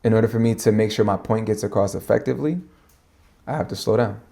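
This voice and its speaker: A man, a minister talking fast and animated in slang, in a casual podcast conversation. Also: fairly low pitch, vocal fry.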